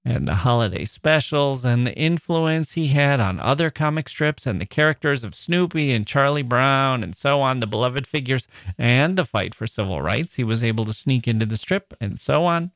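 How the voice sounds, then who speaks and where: A man's voice: mid-range voice, lively intonation, moderate pace, few pauses, a bit bright, no room sound, studio quality. A man hosting a literature podcast, talking in a chatty, playful way and quoting people with a lifted voice. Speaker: podcast host. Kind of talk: casual monologue.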